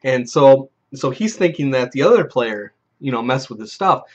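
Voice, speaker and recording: This video host has a medium-pitched, slightly mellow voice with lively intonation and a moderate pace. He tells a rambling tabletop game story full of swearing, performing the quoted players, and the audio is dull and lo-fi.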